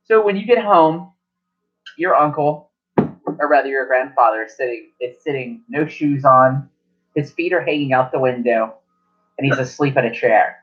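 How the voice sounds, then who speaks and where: A man's voice: medium pitch, normal speed. A man narrating as game master at a tabletop game, rambling and correcting himself as he goes, in a lo-fi recording.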